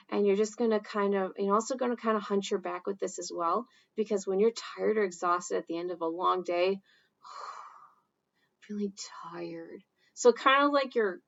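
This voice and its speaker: Slow-talking woman teaching, gravelly voice. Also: medium pitch, muffled recording. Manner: slow, relaxed, with many fillers and acted example phrases. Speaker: sign language teacher. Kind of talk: casual instructional talk.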